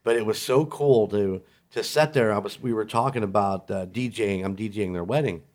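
A man with a low voice, a guest on a podcast. He talks in an easygoing way and laughs often as he tells his stories. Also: fairly quick, darkish tone. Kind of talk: casual podcast chat.

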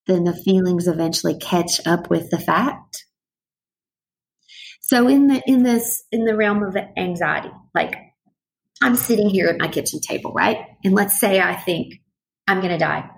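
A middle-aged woman talking thoughtfully in a relaxed conversation, slowing down and showing how breathing works. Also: medium pitch, vocal fry, poor audio. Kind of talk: reflective conversational chat.

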